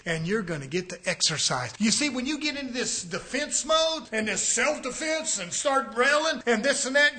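High, bright-voiced shouting male preacher. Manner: swings from soft low passages to shouted exhortation; keeps addressing brothers and sisters. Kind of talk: sermon.

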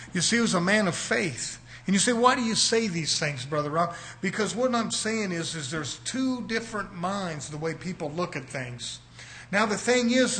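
A man's voice: high voice, a bit bright. A man preaching a sermon to his congregation, stressing key words and often calling out "brothers and sisters". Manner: preaching with rising and falling emphasis, repeated "brothers and sisters".

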